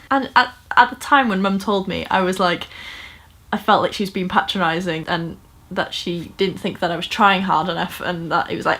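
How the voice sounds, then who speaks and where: A woman's voice: on the low side, moderate pace, bright, forceful tone. A woman talking earnestly and casually to camera at home, with frequent fillers and restarts. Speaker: vlogger. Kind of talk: casual personal storytime talk.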